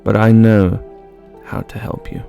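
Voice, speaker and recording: A man voicing a thin, hungry black cat in a fairy tale, calmly giving step-by-step instructions. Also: on the low side, measured pace, creaky, soft background music. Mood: advising.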